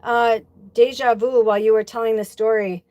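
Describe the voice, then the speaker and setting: A woman's voice: fairly high pitch, steady tone, moderate pace, warm tone, no room sound, lo-fi sound. A woman hosting a livestream as a spiritual medium, talking casually, rambling loosely and reading out viewer comments. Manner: chatty storyteller, acts out quoted dialogue.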